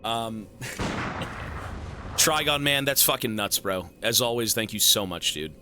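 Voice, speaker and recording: Very bright, lively male streamer. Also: on the low side, a little slow, slight background noise. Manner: animated, profane, joking banter with chat. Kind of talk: live stream chat, thanking donors.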